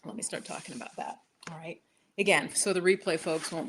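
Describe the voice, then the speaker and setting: A woman's voice: on the low side, fairly even intonation, a little fast, creaky, slight background noise. A woman hosting a casual live stream for her yoga channel, chatty and rambling, laughing at herself as she talks into her laptop. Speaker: yoga and meditation host. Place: indoors, home set-up with laptop.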